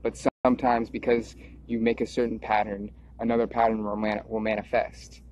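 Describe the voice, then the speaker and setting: A man's voice: lowish voice, monotone, moderate pace, darkish tone. Rambling man musing aloud, lo-fi. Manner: stream-of-consciousness musing, drifting and repeating words. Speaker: video creator. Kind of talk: rambling improvised monologue. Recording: dull lo-fi recording.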